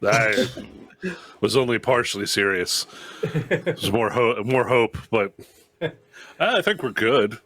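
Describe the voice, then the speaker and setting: A man's voice: mid-range voice, lively intonation, slow pace, pauses often, a bit bright. A man playing a tabletop game, joking and laid-back in casual chat. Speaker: player.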